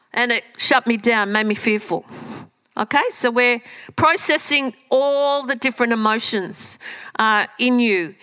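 A woman giving a lively talk to an audience, often restarting her sentences. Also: fairly high pitch, unhurried, smooth, rough recording. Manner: lively, animated, with frequent fillers and restarts. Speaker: speaker teaching communication skills.

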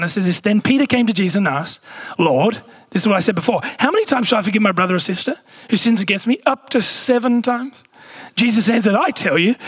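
A male pastor, preaching a sermon with animated asides while reading scripture. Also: high-pitched, husky.

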